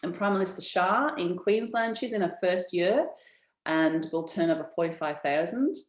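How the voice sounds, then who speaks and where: A woman's voice: lowish voice, moderate pace. Chatty woman presenter, echoey room. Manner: enthusiastic, many ums and restarts. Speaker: business founder presenting an info session. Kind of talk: webinar presentation, casual and chatty.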